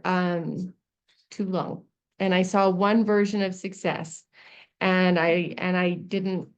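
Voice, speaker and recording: Lo-fi woman rambling through a heartfelt story. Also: fairly low pitch. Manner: rambling, self-interrupting, emotional storytelling. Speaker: team member sharing her story. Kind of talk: personal testimony on a team call.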